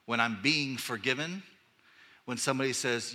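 A male pastor giving a conversational, animated sermon that swings between quiet asides and loud outbursts. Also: medium pitch, moderate pace.

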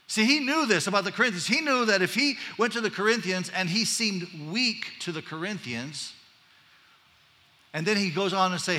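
Bright-voiced chatty pastor in a hall. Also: male voice, sits high, a little fast. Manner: casual and chatty, asks "right?", joking asides. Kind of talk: conversational sermon. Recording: long reverb of a large hall.

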